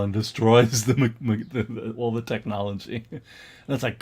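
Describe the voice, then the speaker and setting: A man co-hosting a casual online chat about comic book art, chatty and quick to laugh, now and then reading captions aloud in mock voices. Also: medium pitch, fairly even intonation, a little mellow, breathy edge. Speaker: museum co-host.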